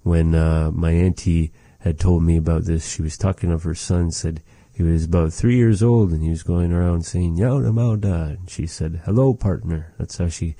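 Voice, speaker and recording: A man teaching a vocabulary lesson, slowly repeating each word with folksy, patient asides. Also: sits low, fairly even intonation, mellow, no room sound. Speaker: language teacher.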